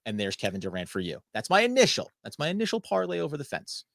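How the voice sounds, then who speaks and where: A man guesting on a sports podcast, talking through ideas in a relaxed, playful way. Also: fairly high pitch, fast, vocal fry, no echo, studio quality. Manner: relaxed, playful, thinks aloud. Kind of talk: casual sports chat.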